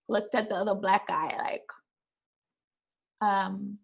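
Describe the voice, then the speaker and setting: A woman's voice: mid-range voice, steady tone, slow, gravelly, pauses often, breathy edge, lo-fi sound. A young woman with a Trinidadian accent, a podcast co-host telling candid, emphatic stories in casual chat. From Trinidad and Tobago.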